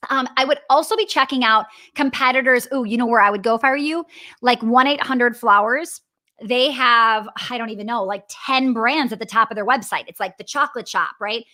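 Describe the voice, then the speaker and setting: A woman with a Wisconsin accent coaches business owners live, chatty and upbeat, with a high voice. She tosses in "right?" and "okay?" as she goes. Her tone is bright and forceful. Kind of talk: live coaching session answering viewers.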